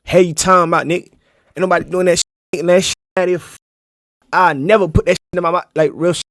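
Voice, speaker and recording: A man streaming, giving crude, joking commentary as he reacts to a video, swinging from loud outbursts to mumbled asides. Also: high-pitched, fairly even intonation, a little fast, dry recording, studio quality.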